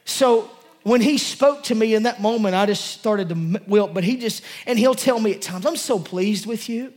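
A man's voice: sits high, normal speed, a little mellow. A male pastor preaching a sermon to his congregation, passionate and emotional, talking in a loose, conversational way with many restarts. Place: church service before a congregation.

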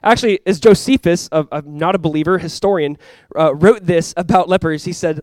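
Lively high-voiced young man preaching. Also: fairly quick, dry recording. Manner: animated, with sudden loud bursts and quiet asides; casual, conversational preaching with fillers and restarts. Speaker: pastor. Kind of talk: sermon. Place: church.

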